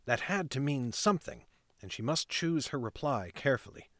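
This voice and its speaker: A man narrating a fantasy novel aloud in a steady reading voice. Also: medium pitch, normal speed, no room sound, clean studio sound. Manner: steady reading with casual off-script asides.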